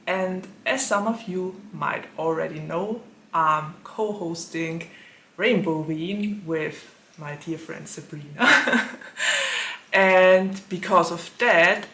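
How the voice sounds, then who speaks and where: A woman hosting her own book channel, chatting casually to the camera with a sore throat that leaves her voice lower than usual, laughing often between thoughts. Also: expressive, takes it slowly, a bit bright. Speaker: booktube host. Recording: echoey room.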